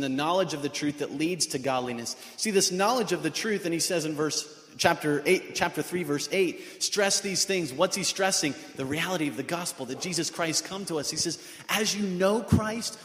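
A man with a slightly high voice preaches an earnest sermon, asking his congregation question after question. His voice rings around a large church hall with a long, roomy echo. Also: fairly bright tone. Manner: earnest, many rhetorical questions. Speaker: pastor. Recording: echoey hall with long reverb.

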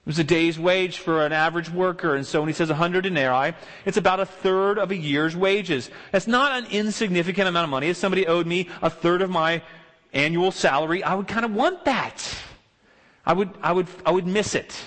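Male pastor, sermon delivery, repetitive exclamatory phrasing, a bit high in pitch, recorded in a reverberant sanctuary. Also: brisk, fairly bright tone. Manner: emphatic rhetorical exclamations and repetition. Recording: long hall reverb.

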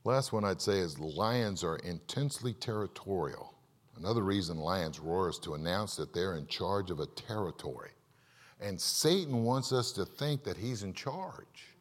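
Give me a man preaching with a lively, swooping delivery, questioning his listeners. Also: low voice, moderate pace. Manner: animated, asks the congregation questions, acts out stories. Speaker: pastor. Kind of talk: sermon. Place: church. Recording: long reverb of a large hall.

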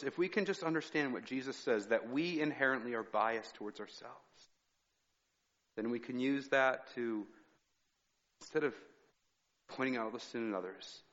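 A man's voice: mid-range voice, fairly bright tone. Male pastor preaching in an echoing hall. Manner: conversational preaching with personal anecdotes. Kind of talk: sermon. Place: church sanctuary. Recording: reverberant hall, dull sound.

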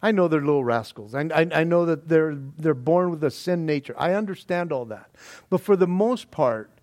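A pastor preaching a sermon, animated and conversational, with frequent restarts and chuckles. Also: male voice, on the high side, moderate pace, no echo. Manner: animated, stumbling restarts, laughs often.

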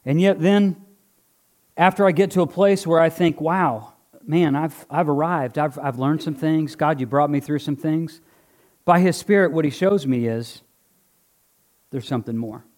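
Standing before his church congregation, a male pastor gives a sermon with a live object lesson in a warm, conversational manner. His voice is a touch higher than most men's, and at a measured pace he shifts between earnest exhortation and light joking with the people in front of him.

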